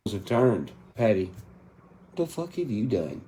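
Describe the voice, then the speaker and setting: A man's voice: lowish voice, big pitch swings, slow pace, dark tone, a little hiss or hum. A man in his thirties delivering an angry, profane spoken rant inside a song. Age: 30s. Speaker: country rap artist.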